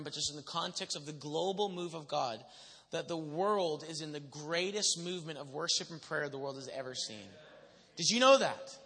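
Brief: male pastor, high bright voice, animated sermon storytelling, long hall reverb. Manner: animated storyteller who acts out quotes. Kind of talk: sermon testimony to a congregation.

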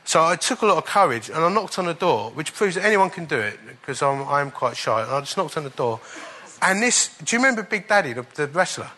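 A man preaching, telling a personal testimony in an animated way and chuckling at the funny parts. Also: on the high side, brisk. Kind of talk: storytelling sermon.

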